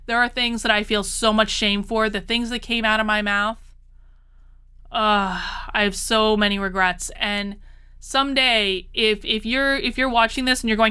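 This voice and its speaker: A woman's voice: on the high side, fairly even intonation, moderate pace, bright, forceful tone, clean tone. A woman talking straight to her audience in a casual monologue, exasperated and repeating herself for emphasis. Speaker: political commentary vlogger.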